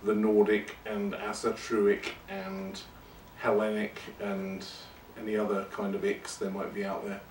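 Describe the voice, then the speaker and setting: Lowish guy rambling through a podcast, joking at his own expense, kinda far from the mic. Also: unhurried, hardly any pauses, darkish tone, a little hiss or hum. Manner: rambling and self-deprecating. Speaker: podcast host. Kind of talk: casual monologue. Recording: roomy and distant from the mic.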